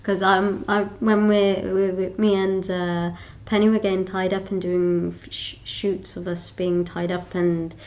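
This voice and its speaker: A woman vlogger chats casually to camera, rambling, restarting her sentences and giggling often. Her voice is lowish, gravelly and darkish, and the audio is dull with slight background noise.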